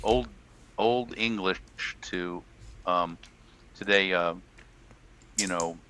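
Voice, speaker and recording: A man's voice: sits low, slow pace, bright, forceful tone, clean tone, rough recording. A man co-hosting a podcast in casual chat, rambling and joking with lots of fillers and restarts. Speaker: podcast co-host.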